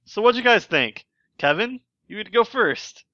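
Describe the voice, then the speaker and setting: Podcast host, man, bright and animated, slightly dull lo-fi sound. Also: high voice, moderate pace, no room sound. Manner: laughs often, leads the discussion. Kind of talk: casual chat.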